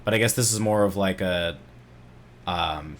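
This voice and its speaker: A man's voice: low-pitched, unhurried, a little hiss or hum. A man co-hosting a casual gaming podcast, laid-back and hedging his opinions. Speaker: podcast co-host.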